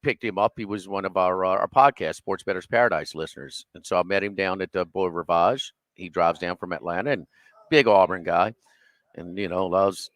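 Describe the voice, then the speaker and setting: A man's voice: low voice, a bit bright, no room sound. Guy co-hosting sports radio, rambly, lots of ums and restarts, dry close sound. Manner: rambling, many restarts and fillers. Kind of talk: casual sports chat. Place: restaurant, live remote broadcast.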